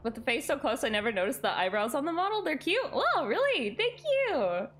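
Giggly, excitable young woman streamer. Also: high-pitched, brisk. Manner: giggly, excitable, thanking chat. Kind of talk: casual gaming stream chat.

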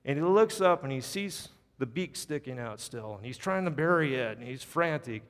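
A man's voice: medium pitch, animated, normal speed. A male pastor telling a story in his sermon and leading an altar call in a church. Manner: storytelling, earnest, drops soft at invitation. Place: church sanctuary. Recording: long church reverb, faint music.

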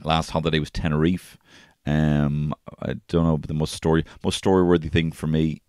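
Very deep-voiced man, rambling. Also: little pitch movement, moderate pace, darkish tone, clear, resonant tone, dry recording, studio quality. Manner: rambling and profane, with frequent restarts. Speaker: podcast host. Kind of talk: casual solo podcast storytelling.

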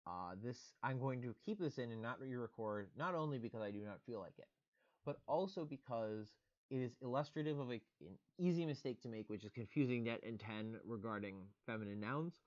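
A man's voice: mid-range voice, lively intonation, brisk, highs cut off. A man giving a recorded online lecture, explaining grammar step by step in a methodical way with casual fillers.

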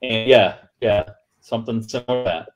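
A man with a fairly low voice tells a long story over a livestream video call. He rambles, stops and restarts often. His feed breaks up now and then. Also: rough recording. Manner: rambling, halting anecdote with many restarts.

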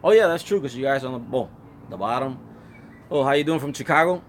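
A man's voice: medium pitch, fairly quick, a little hiss or hum. A middle-aged man hosting a casual live stream from his phone, rambling and reading out viewer comments. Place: Florida.

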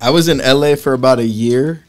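A man's voice: mid-range voice, a little fast. A man in his twenties from Massachusetts, a podcast guest talking in a rambling, casual way, full of restarts. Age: 20s. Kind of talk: casual chat.

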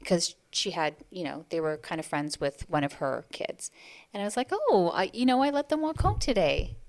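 A woman in her forties, a podcast co-host, chatting casually and telling stories with lively acted-out quotes. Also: fairly low pitch, moderate pace. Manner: animated storyteller, acts out quoted voices. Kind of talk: casual chat.

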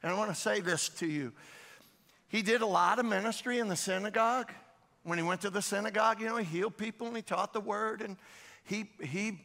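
Male pastor, casual preaching style, asks the room questions and circles back on phrases; bright, slightly high voice with long church reverb. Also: brisk, vocal fry. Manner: conversational, repeats phrases, prompts the congregation with questions. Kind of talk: sermon. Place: church sanctuary.

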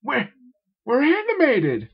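An excitable male wrestling boss shouts in a high, jumpy voice, put on by a man reading aloud. The sound is muffled and lo-fi. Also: moderate pace, breathy edge. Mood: shocked.

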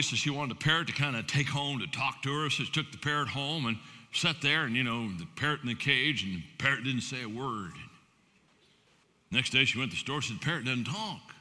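A man telling a folksy story as a sermon, often repeating his words, recorded live in a large echoing hall. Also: medium pitch. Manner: folksy, repeats words, builds to loud emphasis. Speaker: speaker. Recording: live talk in a reverberant hall.

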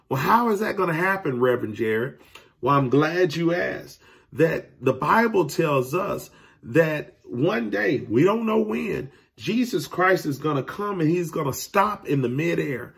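Man, youth minister, gravelly, husky, higher-pitched, earnest preacherly Sunday school lesson. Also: animated, measured pace. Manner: earnest, preacherly, addresses young people directly. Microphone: recorded alone beside a window.

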